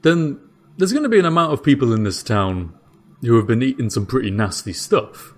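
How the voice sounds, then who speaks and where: A man's voice: mid-range voice, lively intonation, brisk, pitched above the performer's own voice, close to an everyday voice. Man voicing a tipsy male jailer, easygoing, chatty, raised voice, "mate". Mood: musing. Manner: chatty, says "mate" a lot.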